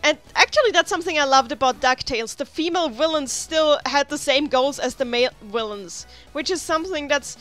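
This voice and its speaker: A woman's voice: high-pitched, brisk, hardly any pauses, fairly bright tone. A woman casually chatting and rambling while she plays a video game, full of restarts and side remarks. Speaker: let's play host. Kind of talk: casual gameplay commentary. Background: faint game music.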